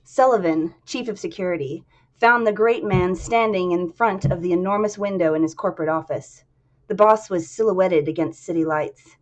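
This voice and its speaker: A woman streamer reading a novel aloud, talking softly and quietly with casual fillers. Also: lowish voice, moderate pace, lo-fi sound.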